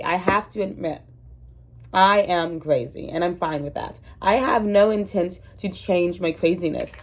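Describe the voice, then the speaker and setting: A woman's voice: fairly low pitch, a little mellow, a little hiss or hum. A woman in her twenties with a cold, rambling casually and self-mockingly to her viewers, recorded at home on the camera's own mic. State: sick with a cold. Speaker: vlogger. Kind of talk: casual chatty vlog. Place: at home indoors. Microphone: camera mic, no microphone.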